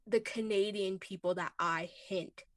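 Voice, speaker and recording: A woman's voice: mid-range voice, steady tone, a little slow, dry recording. A woman co-hosting a podcast in casual chat, rambling with fillers. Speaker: podcast co-host.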